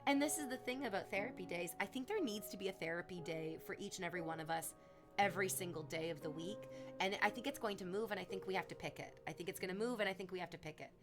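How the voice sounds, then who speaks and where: A woman's voice: mid-range voice, quick pace. A woman livestreamer chatting casually to her viewers, rambling and gushing, at times cooing baby talk to her cat. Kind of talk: casual chat to stream chat. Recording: music playing clearly behind her.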